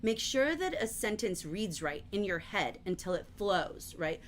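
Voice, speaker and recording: A middle-aged woman teaching a livestreamed literature lesson, chatty and explanatory, often filling pauses with "um" and "like". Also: medium pitch, expressive, a little hiss or hum. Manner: chatty, explanatory, frequent fillers like "um" and "like". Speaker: teacher leading a novel study.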